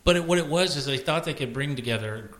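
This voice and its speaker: Man, podcast host, bright tense voice, rambling, profane casual chat. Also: a little high, animated, fast.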